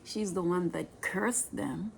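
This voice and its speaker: A woman with a Jamaican accent telling her own life story in a personal vlog, plain-spoken and unhurried, often dropping into a breathy whisper. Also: lowish voice, darkish tone, a little hiss or hum.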